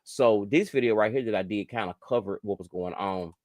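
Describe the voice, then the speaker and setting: A man hosting a casual live stream, chatting to viewers and getting animated as he reacts to gossip. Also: brisk, dry recording. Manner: animated, chatty, jumps high in pitch when outraged. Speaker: host.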